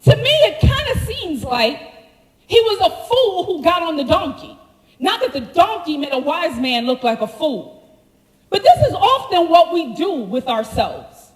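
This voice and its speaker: A woman preaching a sermon, telling the story with animated slangy asides to the congregation. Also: very high voice, a little slow, echoey room, big-room sound, low-quality recording. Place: church sanctuary.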